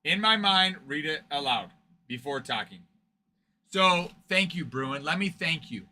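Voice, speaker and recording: A man's voice: on the high side, animated, unhurried, sharp tone. A man hosting a card break stream, chatting casually with viewers, joking and laughing often. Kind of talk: casual livestream chat with viewers.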